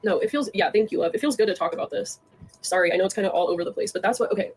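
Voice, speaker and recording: Young woman, husky voice, quick rambling profane rant straight at viewers. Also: mid-range voice, lively intonation, darkish tone. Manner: fast, profane, rambling, confrontational. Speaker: online creator talking to viewers. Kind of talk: heated casual rant.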